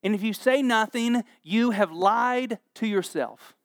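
This man's voice is high-pitched and a little slow: he's a pastor in his forties giving a sermon. With animated humor, he recounts scripture stories and performs the characters' voices, in studio-quality audio with no echo.

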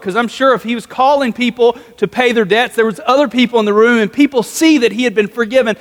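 A man preaching a sermon as a pastor in a relaxed, conversational way, with jokey asides. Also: very high-pitched. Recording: long hall reverb.

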